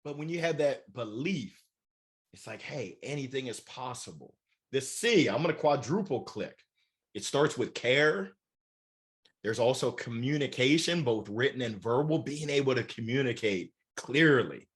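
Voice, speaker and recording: A man in his forties, a keynote speaker and author, giving energetic, playful motivational answers in an interview. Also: mid-range voice, unhurried. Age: 40s. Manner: animated, playful, motivational, acts out voices.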